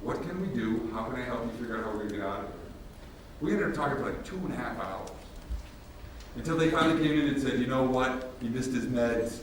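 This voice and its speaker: A man presenting at a workshop, telling stories in a casual, animated way and acting out both sides of conversations. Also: mid-range voice, fast talker, very noisy. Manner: casual, animated, acts out dialogue. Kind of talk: storytelling workshop talk. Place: large room with audience. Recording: echoey hall from a distance, faint ambience.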